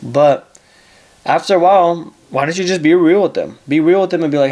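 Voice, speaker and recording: A man's voice: on the high side, fairly quick, a little mellow. A man hosting an advice show, talking casually in a blunt, profane way and repeating himself for emphasis.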